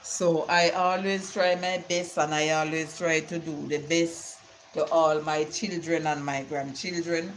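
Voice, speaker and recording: A woman's voice: low-pitched, steady tone, a little slow, slight background noise, poor audio. Rambling older grandmother on stream. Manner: rambling storytelling with Bible sayings. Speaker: live-stream host. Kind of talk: casual live-stream chat.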